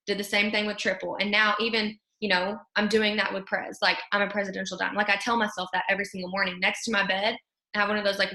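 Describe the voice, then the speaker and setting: A woman's voice: mid-range voice, creaky, bright, forceful tone, reverberant. A woman hosting a casual motivational chat, talking freely with lots of fillers. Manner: chatty, fills with "like" and "you know". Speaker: host.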